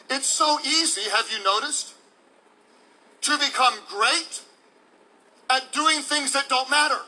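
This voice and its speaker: High, bright-voiced male pastor preaching. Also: rough recording. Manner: emphatic, playful preacher who acts out examples. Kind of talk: sermon.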